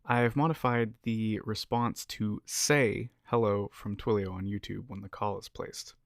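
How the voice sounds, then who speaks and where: Upbeat man walking through a software demo. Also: fairly low pitch, fairly even intonation, unhurried, gravelly, no room sound, studio quality. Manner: upbeat, casual explainer. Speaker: developer tutorial presenter. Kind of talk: screencast walkthrough.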